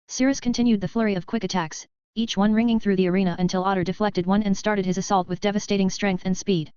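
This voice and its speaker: A woman's voice: mid-range voice, quick pace, hardly any pauses, darkish tone, clean tone, dry recording, muffled recording. A woman giving a scripted novel narration, reading evenly and steadily. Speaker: audiobook narrator.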